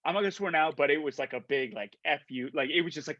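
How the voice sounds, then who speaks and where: Speaking a little high and fairly quickly, this middle-aged man from Canada appears as an actor guest in a video call interview. Over a dry, dull recording, he tells lively casual stories, restarting with stammers and performing the dialogue he quotes.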